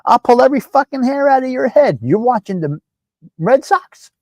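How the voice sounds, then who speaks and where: A man voicing his scolding mother yelling down from heaven, shrieking curses and threats. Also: extremely high pitch, sing-song, moderate pace, no echo, studio quality, pitched above the performer's own voice, full character voice. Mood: furious.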